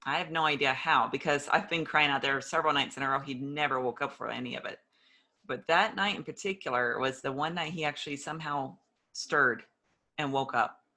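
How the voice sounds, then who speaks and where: A woman's voice: extremely low pitch, brisk, sharp tone. A woman telling her personal story in an interview, earnest and openly emotional, acting out old conversations as she goes. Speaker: interview guest.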